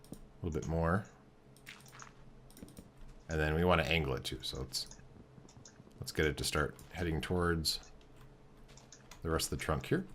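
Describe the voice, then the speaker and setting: This game streamer has a very deep, low voice and thinks aloud while building something in a game. His casual commentary is relaxed and halting, full of fillers and restarted phrases, with a faint hum behind it.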